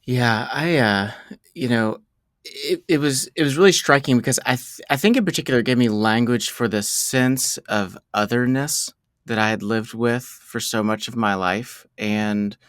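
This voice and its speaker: Halting, reflective man on a dry mic. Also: medium pitch, fairly bright tone, dry recording. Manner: halting, many fillers and restarts. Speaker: podcast guest. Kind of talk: reflective conversational sharing.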